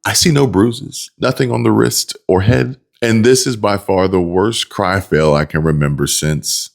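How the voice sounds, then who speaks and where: A man narrates a political commentary voice-over with a sarcastic, mocking edge. His voice sits very low. He talks straight to his viewers as the host. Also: unhurried, gravelly.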